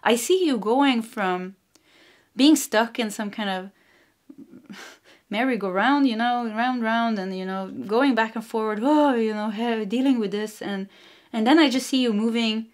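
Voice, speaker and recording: A woman with a Swedish accent giving a casual spiritual tarot reading, meandering and giggly, gently reassuring. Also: a little high, a little slow. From Sweden. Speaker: tarot card reader.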